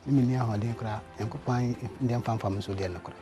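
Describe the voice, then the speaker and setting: A man's voice: medium pitch, fairly even intonation, fast talker, over music. A man, the student's father, talks in an interview and laughs often between his words. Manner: laughs often while talking. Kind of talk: interview in a local language.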